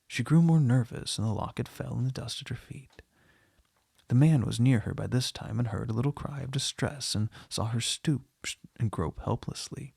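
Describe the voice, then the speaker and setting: A man with a husky, gravelly voice reading a short story aloud in a measured, unhurried way. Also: mid-range voice, darkish tone, no echo, studio quality. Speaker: reader.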